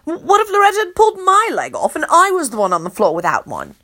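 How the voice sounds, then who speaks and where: A woman's voice: high voice, huge pitch swings, quick pace, pushed and bright. A woman narrating an audiobook in first person, exasperated, sarcastic and sweary.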